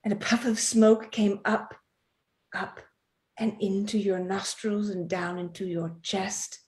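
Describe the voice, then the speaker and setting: A woman's voice: mid-range voice, little pitch movement, slow, a little mellow, lightly acted. Woman voices a menacing male demon spirit, ominous, slightly distant and roomy. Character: menacing male demon, vengeful father's ghost.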